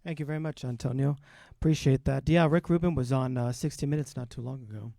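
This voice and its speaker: A man hosting a live open mic in a relaxed, rambling way with many fillers, speaking into a stage mic. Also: medium pitch, fast talker, creaky, no room sound. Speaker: open mic host and educator.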